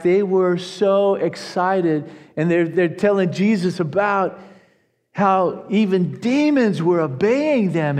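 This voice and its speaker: Guy pastor giving a sermon, pretty high voice, lots of hall reverb. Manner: earnest, animated preaching with repeated restarts.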